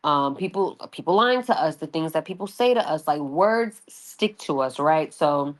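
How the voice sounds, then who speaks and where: A woman's voice: deep voice, expressive, normal speed. A woman with a New York accent giving a casual, chatty astrology reading, often checking in with the listener. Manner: chatty, loose, asks "right?" often. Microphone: audio only, no video.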